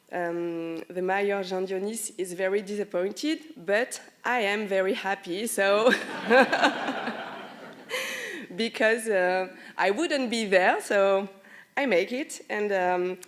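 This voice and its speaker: A woman deputy mayor with a French accent addresses a formal welcoming ceremony. She speaks in a friendly, halting way. Her voice sits at an ordinary pitch for a woman. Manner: friendly, halting, laughs between phrases.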